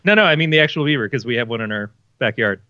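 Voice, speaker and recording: A man's voice: medium pitch, expressive, very fast, bright, forceful tone, no echo, highs cut off. A man co-hosting a podcast in casual chat, telling stories animatedly with plenty of swearing. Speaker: podcast co-host.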